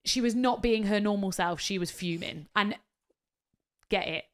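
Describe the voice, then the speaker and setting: A woman co-hosting a podcast in casual chat, telling a story with lively energy, swearing freely and acting out what people said. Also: medium pitch, moderate pace. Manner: animated storyteller, swears freely, acts out quotes. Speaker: podcast co-host.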